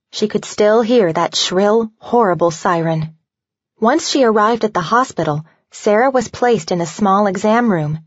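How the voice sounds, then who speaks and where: A woman narrating a novel aloud in an even, measured storytelling voice. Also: medium pitch, dry recording, dull audio. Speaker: audiobook narrator.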